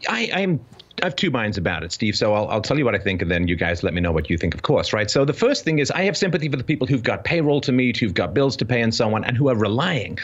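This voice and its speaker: A man's voice: medium pitch, very animated, quick pace, highs cut off. A man from Ireland raised in Canada, a guest on a talk show, telling stories and making points in a wry, articulate way. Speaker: guest commentator. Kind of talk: casual talk show conversation.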